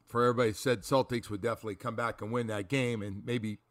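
A man hosting a sports talk radio show, talking through a game in an animated, rambling way and repeating his words. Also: mid-range voice, quick pace.

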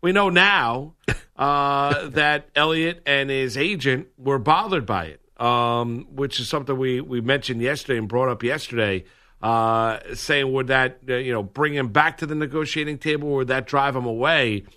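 A man's voice: medium pitch, normal speed, sharp tone. A man hosting a sports talk radio show, chatting casually and reading sponsor copy in a studio. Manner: conversational, reads sponsor copy. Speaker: radio host. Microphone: studio microphone.

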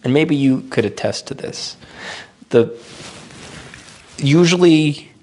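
Animated casual male podcast host. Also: slow, slight background noise. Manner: animated, mimics voices in jumps of pitch. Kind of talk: casual chat.

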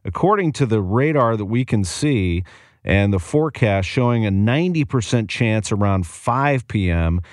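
A man's voice: fairly low pitch, animated, no echo. Enthusiastic male sports radio host, dry studio. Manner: brisk, enthusiastic run-through of scores and schedules. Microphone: studio microphone.

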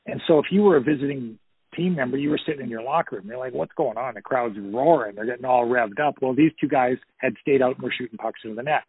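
Speaking over the phone in a casual storytelling interview, a man in his fifties who used to play hockey rattles off anecdotes, rambling and leaning on "you know" as filler. He talks fast in a medium-pitched, slightly rough voice, and the recording is dry.

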